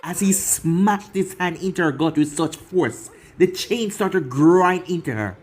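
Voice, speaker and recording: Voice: mid-range voice, measured pace, few pauses, a little mellow, breathy edge, soft background music. A narrator reading an action fan fiction story in long run-on sentences. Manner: run-on storytelling with a casual aside to viewers.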